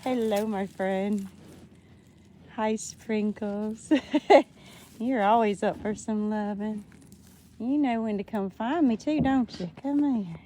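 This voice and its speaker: A woman's voice: medium pitch, slow pace, mellow, a little hiss or hum. A woman, cooing affectionate baby talk to cows outdoors on a farm, recorded on a handheld phone. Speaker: farmer. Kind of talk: casual talk to animals.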